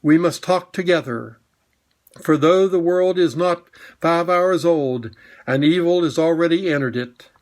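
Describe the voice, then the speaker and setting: A man voicing a majestic, wise male lion who addresses his subjects in a slow, solemn and commanding way. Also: a little high, a little mellow, close to an everyday voice.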